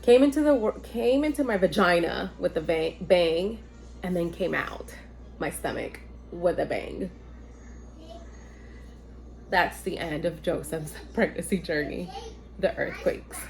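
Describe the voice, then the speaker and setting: Casting note: woman in casual vlog storytime, lively and expressive delivery, swears freely, plays out quoted dialogue. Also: lowish voice, measured pace, gravelly, pauses often. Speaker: vlogger telling her birth story.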